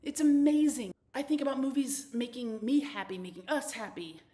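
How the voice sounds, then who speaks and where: A woman's voice: sits high, normal speed, dark tone. A woman, hosting a casual solo podcast, talking effusively with frequent restarts and stammers. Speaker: podcast host.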